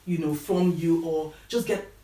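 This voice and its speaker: A woman with a Nigerian accent hosting a casual interview, chatty and quick to laugh. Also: low voice, steady tone, mellow. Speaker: host. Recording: roomy and distant.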